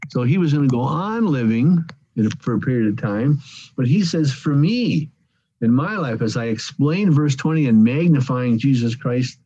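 A man's voice: medium pitch, expressive, normal speed, dark tone, a little hiss or hum. A man teaching an evening Bible study, explaining a verse word by word, often repeating phrases and leaning on key words for emphasis. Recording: dull lo-fi recording.

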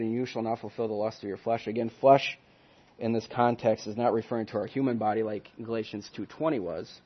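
Earnest man teaching a Bible lesson. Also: lowish voice. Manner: earnest, emphatic, swings from loud stresses to soft trailing ends. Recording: dull lo-fi recording.

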